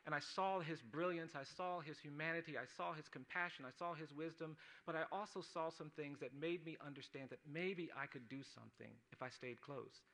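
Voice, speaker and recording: A man's voice: on the high side, fairly quick, few pauses, pushed and bright. A man, a lawyer, giving an earnest personal speech at an awards dinner, building his points through repeated phrases. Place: awards dinner, speaking to an audience.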